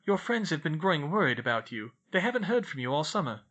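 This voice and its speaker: A firm, dignified older woman professor speaks formally and commandingly, put on by a man narrating. The voice sits a little high and sounds sharp. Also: big pitch swings, quick pace. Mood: stern.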